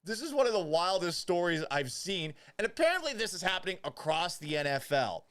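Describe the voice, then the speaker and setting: A man hosting a sports commentary show, mocking and profane, swinging between loud outbursts and quiet asides. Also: high-pitched, big pitch swings, fairly quick, clear, resonant tone, dry recording.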